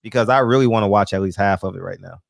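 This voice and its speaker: A man co-hosting a casual barbershop-style talk show, relaxed and laughing often. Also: lowish voice, fast talker, creaky, dry recording, clean studio sound. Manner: laid-back, laughs often, says "you know what I mean". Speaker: podcast co-host. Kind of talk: casual chat.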